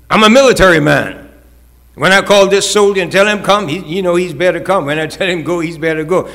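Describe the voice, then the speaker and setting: A man's voice: sits high, a little fast, pushed and bright. A male pastor preaching a sermon, with rising, emphatic calls and acted-out quotes.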